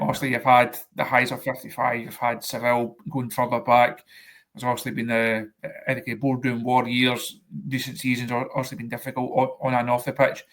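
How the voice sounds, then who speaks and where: A man interviewing a guest, asking long, measured questions. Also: medium pitch, fairly bright tone. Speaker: interviewer, journalist.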